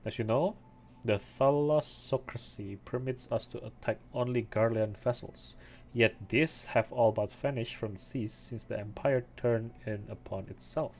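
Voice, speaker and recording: A man voicing a gruff male pirate crew member, reading the game dialogue aloud haltingly over faint game music. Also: medium pitch, a little mellow, a little hiss or hum, close to an everyday voice. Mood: bragging.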